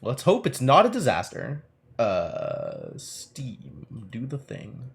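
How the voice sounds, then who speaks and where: Speaking slowly with a medium-pitched voice and vocal fry, this man livestreams a game. He's chatty and animated, reading the story text out loud, scolding the game, and answering both it and his chat.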